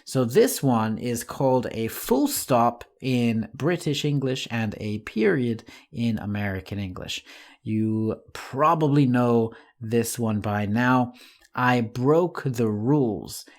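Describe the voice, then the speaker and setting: A man teaching an online English lesson in a friendly, patient way, speaking slowly and clearly to the viewer. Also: medium pitch, expressive.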